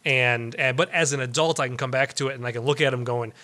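A man's voice: medium pitch, steady tone, fast talker, sharp tone. A man co-hosting a movie podcast in casual chat, rambling with lots of restarts and easy laughs. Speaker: podcast co-host.

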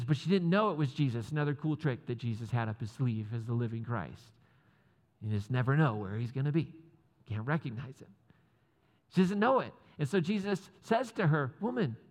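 Casting: man, pastor, relaxed joking sermon delivery, slightly high voice, long hall echo. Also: gravelly. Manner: casual, joking asides with laughs.

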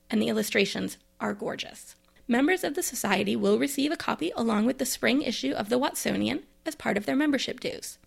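A woman's voice: on the high side, gravelly, slightly rough. A woman, a librarian, chatting casually about books she received, with bookish asides and enthusiasm. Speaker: librarian and podcast host. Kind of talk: casual book review monologue.

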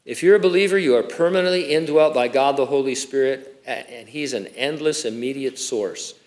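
A man's voice: medium pitch, brisk, darkish tone. A male pastor preaching a sermon, reading scripture and adding conversational, joking asides.

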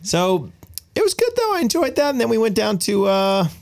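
Gravelly-voiced man telling travel stories. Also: high voice, moderate pace, dry recording. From United States. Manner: animated storyteller, voices quoted people. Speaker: podcast co-host. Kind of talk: casual chat, storytelling.

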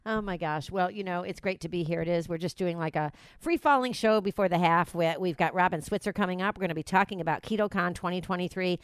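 A woman's voice: on the low side, fast, few pauses, smooth, no room sound. A woman hosting a radio show, chatting casually, laughing often and rambling. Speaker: radio host.

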